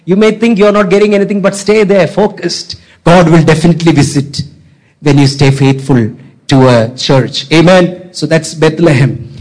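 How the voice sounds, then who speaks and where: Here a pastor with a fairly high, darkish voice delivers a sermon. He exhorts, goes over his points again and again, and calls on the congregation to respond.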